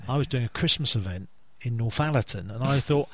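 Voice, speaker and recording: A man's voice: mid-range voice, animated, brisk, hardly any pauses, no room sound. A man hosting a podcast in casual chat, easygoing and telling anecdotes. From south coast of England. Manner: easygoing, plugs the magazine, tells anecdotes. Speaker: podcast host and magazine promoter.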